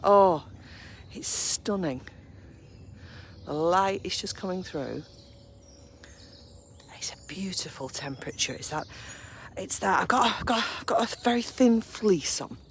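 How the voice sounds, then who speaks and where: A woman talking casually to her viewers as she walks through a park at dawn. Her voice swings up and down a lot, rising to a high coo whenever she calls her dogs. Faint outdoor noise and birdsong sit behind her. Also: lively intonation, unhurried, long pauses. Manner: chatty, coos at her dogs in a high baby voice. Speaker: vlogger walking her dogs. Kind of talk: casual live-stream chat while walking. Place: woodland park outdoors, early morning.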